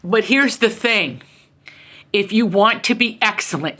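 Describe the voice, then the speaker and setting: This is an author being interviewed, a middle-aged woman from the US, recounting family tales in lively conversation. She speaks at a measured pace in a medium pitch, her tone bright, forceful and expressive. She's emphatic and passionate, jumping into the voices of the people she quotes.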